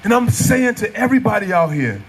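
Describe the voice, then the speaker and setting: A middle-aged man giving an impassioned outdoor rally speech, often shouting with a preacher-like cadence. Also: high voice, big pitch swings, a little fast, a crowd in the background. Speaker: rally speaker.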